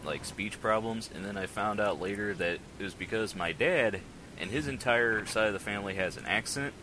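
A man's voice: fairly low pitch, moderate pace, noisy background. A man hosting a casual podcast on a headset mic, rambling and joking at his own expense. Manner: rambling, self-mocking, laughs often. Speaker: podcast host.

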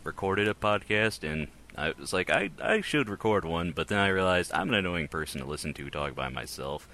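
A man's voice: rumbling low, a little fast, sharp tone, poor audio. A man hosting a casual podcast on a headset mic, rambling and joking at his own expense. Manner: rambling, self-mocking, laughs often. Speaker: podcast host.

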